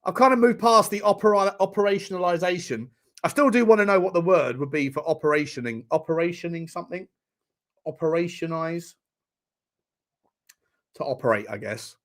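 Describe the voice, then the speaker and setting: With a slightly high voice, a man streams a live football watchalong, answering chat in a wound-up, foul-mouthed way punctuated by laughter.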